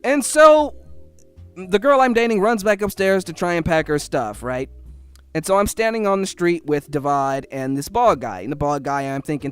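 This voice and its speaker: A man with a high-pitched voice tells a story in a heated, profane rant. He acts out the other people's lines as he goes, and soft music plays underneath. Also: animated, normal speed, clear, resonant tone. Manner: angry, profane ranting. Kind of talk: casual storytelling.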